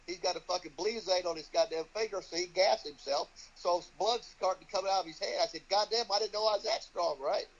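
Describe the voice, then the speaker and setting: An older man who trains wrestlers, telling profane stories in an interview and acting out the voices of the people he quotes. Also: high-pitched. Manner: swears constantly, acts out quoted voices. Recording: dull lo-fi audio.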